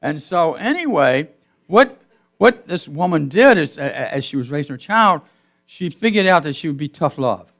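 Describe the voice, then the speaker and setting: A man pastor giving a sermon in a church, telling a story with his voice swelling loud and then dropping to a hush. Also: a little high, sing-song, normal speed. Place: church sanctuary.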